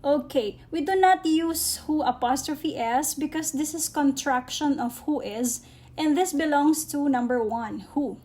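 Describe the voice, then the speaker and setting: A woman with a Filipino accent teaching an English grammar lesson, speaking slowly and deliberately and checking in with listeners often. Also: high-pitched, mellow. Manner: slow and deliberate, often checks in with "okay?" and addresses "guys".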